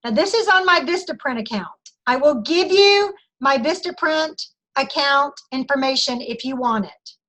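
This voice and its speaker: A woman's voice: high voice, lively intonation, moderate pace, few pauses, a bit bright. A middle-aged woman training her sales team over a video call, chatty and emphatic as she acts out conversations with customers.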